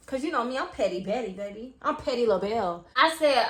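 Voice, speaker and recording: A young woman telling an animated, profane storytime, acting out quotes. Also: a little high, brisk, few pauses, echoey room. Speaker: vlogger. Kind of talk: storytime vlog.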